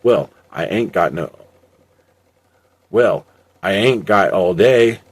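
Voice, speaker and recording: An impatient, grumpy crime boss who speaks in short, irritated orders, low in pitch, as a man puts him on. He sounds like a character in an amateur storybook reading. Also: lively intonation, slow, breathy edge, full character voice. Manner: curt, impatient.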